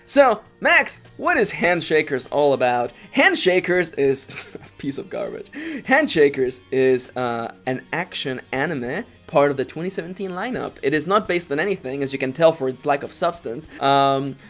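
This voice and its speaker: A young man rants through a casual review with sarcasm and a forced, over-excited tone. His voice sits somewhat high for a man. Faint music plays behind him. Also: moderate pace. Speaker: anime reviewer, channel co-host.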